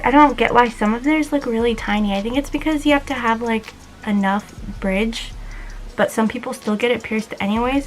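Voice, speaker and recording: A woman's voice: mid-range voice, a bit bright, rough recording. Chatty young woman-voiced vlogger with a lisp. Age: 20s. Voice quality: slight lisp. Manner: rambling, chatty, casual swearing. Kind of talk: casual vlog chat.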